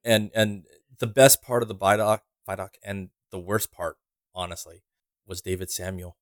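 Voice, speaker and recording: A man's voice: low-pitched, level tone, normal speed, no room sound, clean studio sound. A man co-hosting a podcast in casual chat, rambling and wry, swearing now and then. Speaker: podcast co-host.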